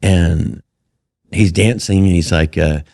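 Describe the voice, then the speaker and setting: A middle-aged man, a comedian guest, telling animated, profane stories with laughs in casual chat. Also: low voice, takes it slowly, vocal fry, dry recording, studio quality. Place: live show venue.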